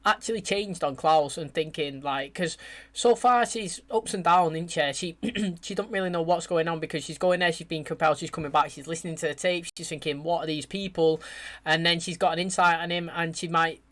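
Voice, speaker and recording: Excitable guy reacting to TV. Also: on the high side, brisk. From England. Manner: animated, swears freely, full of slang. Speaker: TV reaction youtuber. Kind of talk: excited casual reaction commentary.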